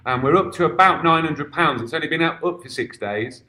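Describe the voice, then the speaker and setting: A man's voice: fairly high pitch, brisk, bright, forceful tone. A man, a guest football coach, talking in casual chat with a few stammered restarts.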